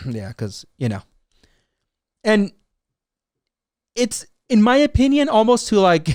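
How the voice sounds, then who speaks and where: A man hosting his own commentary show, talking excitedly and sarcastically, often acting out other people's words in mocking voices. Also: high-pitched, slow, long pauses, dry recording, clean studio sound. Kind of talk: animated solo commentary.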